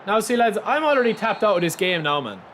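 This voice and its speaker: A man's voice: high-pitched, sing-song, fast, fairly bright tone, slight background noise. A young man streaming a football game live, chatting and commentating in a repetitive, teasing way, tagging "man" onto his lines. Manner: teasing, laughs easily.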